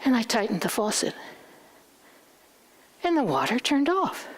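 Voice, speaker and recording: A woman's voice: on the high side, unhurried, pauses often, slightly rough. A middle-aged woman speaking at a church, telling a candid personal story and acting out the dialogue. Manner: candid, animated, acts out dialogue.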